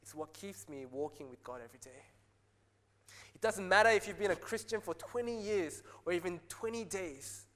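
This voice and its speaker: A man preaching a sermon as pastor, earnest, rising to excited peaks and dropping soft again. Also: high-pitched, normal speed. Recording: long hall reverb.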